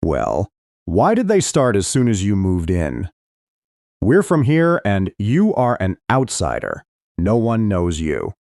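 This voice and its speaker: A man's voice: fairly low pitch, wildly swooping pitch, slow, a little mellow, no room sound, studio quality, exaggerated voice. A man voicing a taunting teenage boy bully in an audiobook, speaking in a mocking tone.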